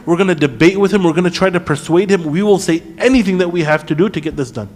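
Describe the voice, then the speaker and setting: A man teaching a class on Quran commentary, asking the class questions and quickly reciting Arabic verses. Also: high-pitched, a little mellow, big-room sound. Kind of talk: classroom lesson. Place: mosque classroom.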